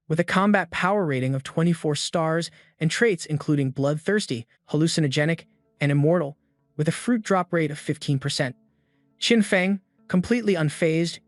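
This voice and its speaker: A man's voice: on the high side, no echo, clean studio sound. A man steadily reading a scripted story recap. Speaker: narrator. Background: faint background music.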